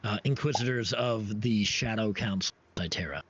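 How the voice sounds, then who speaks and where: A man's voice: lowish voice, normal speed, slight background noise. A man narrating as game master for a tabletop game, hesitant with many fillers and restarts. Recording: dull lo-fi stream audio with faint ambience.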